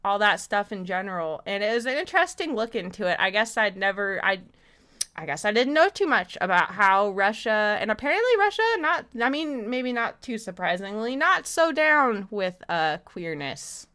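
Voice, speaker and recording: A woman's voice: mid-range voice, sing-song, moderate pace, pushed and bright, clean tone. A woman live streamer chatting casually and loosely with her viewers, swearing freely. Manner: loose, profane, talks straight to chat.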